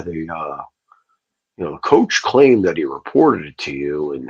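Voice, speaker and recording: Man, deep voice, husky, rambling profane livestream rant. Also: darkish tone, lo-fi sound. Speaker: livestream host. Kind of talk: casual ranting livestream.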